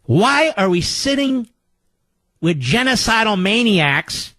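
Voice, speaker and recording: An older man hosting a radio talk show, delivering a sarcastic political monologue with mocking, theatrical swings between loud jabs and low mutters. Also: big pitch swings, takes it slowly, dry recording.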